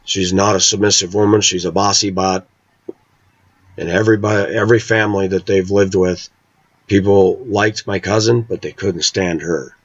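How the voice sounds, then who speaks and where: A man with a lowish voice tells an indignant personal story, acting out what each person said. The recording sounds dull and lo-fi, with a dry, close sound. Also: steady tone, normal speed, husky, dry recording. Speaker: vlogger.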